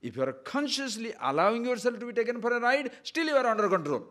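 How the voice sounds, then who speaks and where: A man's voice: extremely high pitch, very animated, fast talker, a bit bright. A man, a spiritual teacher giving an emphatic discourse on scripture and posing frequent rhetorical questions.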